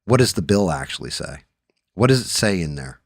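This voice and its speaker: A man hosting a casual chat show, telling stories in a profane, animated way that rises when he gets riled up, recorded in a home studio. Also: sits low, a little fast, no echo. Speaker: podcast host.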